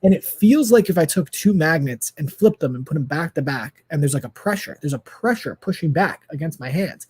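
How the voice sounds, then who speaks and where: Husky-voiced man in his thirties telling a story. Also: fairly high pitch, a little fast, hardly any pauses. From United States. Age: 30s. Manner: lively, laughs often, swears freely. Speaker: podcast guest. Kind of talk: animated storytelling in casual chat.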